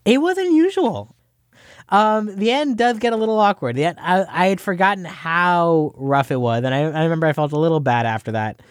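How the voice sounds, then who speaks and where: A hesitant man talks through an awkward memory as a guest, stammering and restarting his sentences. His pitch swings around a lot as he talks. The studio sound is dry and close. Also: lively intonation, a little fast, clear, resonant tone, dry recording. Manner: hesitant, stammering, self-deprecating. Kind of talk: casual interview conversation.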